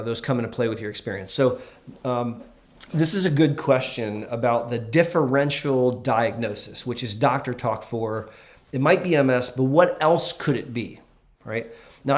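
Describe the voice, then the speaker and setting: Earnest man, a doctor taking viewer questions. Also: medium pitch. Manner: earnest and emphatic, with frequent fillers. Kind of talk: casual livestream Q&A.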